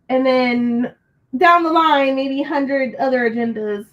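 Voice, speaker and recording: Reading her live chat, a woman hosting a book channel stream gets frustrated and rants with plenty of swearing. She has a high voice and a measured pace, captured in dull audio.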